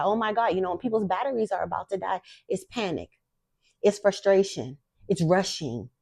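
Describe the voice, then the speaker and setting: A woman's voice: mid-range voice, expressive, normal speed, mellow, no room sound. A young woman hosting a spiritual talk, speaking casually to viewers with blunt, profane emphasis. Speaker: spiritual guide and host. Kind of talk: casual direct-to-camera talk.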